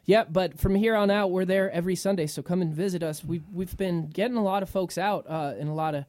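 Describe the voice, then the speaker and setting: A man, a string-band musician, chatting casually and quickly about his band's shows. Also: sits high, darkish tone, no room sound, clean studio sound. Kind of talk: live radio performance and chat.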